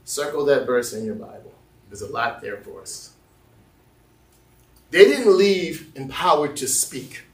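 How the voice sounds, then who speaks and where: A male pastor preaching a lively sermon, acting out voices and joking with the congregation. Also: mid-range voice, measured pace, long pauses, reverberant, recorded from a distance. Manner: animated, acts out voices, jokes with the congregation. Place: church sanctuary.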